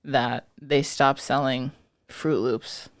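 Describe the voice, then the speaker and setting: A woman's voice: very deep voice, slow pace. A young woman co-hosting a podcast, casually telling a story, acting out quotes and swearing freely. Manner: animated storytelling, acts out quotes, frequent swearing. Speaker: podcast co-host. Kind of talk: casual chat.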